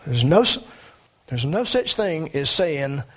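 A man preaching a sermon as a pastor, emphatic, with sudden rises in pitch. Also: big pitch swings, slow, husky.

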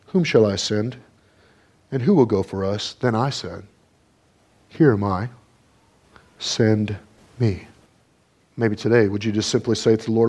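A man preaching a sermon and closing in prayer, with fervent repeated questions and swings between rising emphasis and quiet passages. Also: medium pitch, moderate pace, pauses often.

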